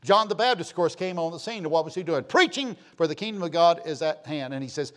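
A fiery preacher in his sixties with a high, ringing voice. He reads scripture slowly and with force, then drops to hushed, low asides and rises again to near shouts. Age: 60s. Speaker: pastor. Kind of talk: sermon.

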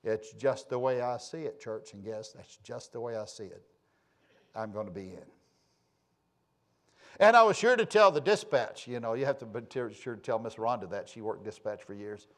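A man preaching a sermon, shifting between loud, emphatic passages and quiet, low asides, with a folksy storytelling manner. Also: animated, normal speed. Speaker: pastor.

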